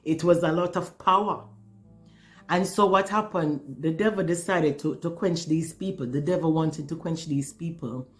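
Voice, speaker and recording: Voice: mid-range voice, moderate pace, soft background music. Earnest speaker giving an emotional testimony. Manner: earnest, emotional, repeats words while searching. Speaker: spiritual storyteller. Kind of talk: personal spiritual testimony.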